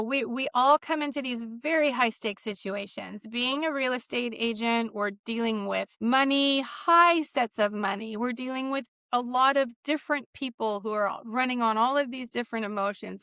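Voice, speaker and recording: A woman's voice: on the high side, normal speed, hardly any pauses, bright, forceful tone, clear, resonant tone, no room sound. Chatty upbeat woman, dry close mic. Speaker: real estate agent and co-host. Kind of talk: casual podcast chat.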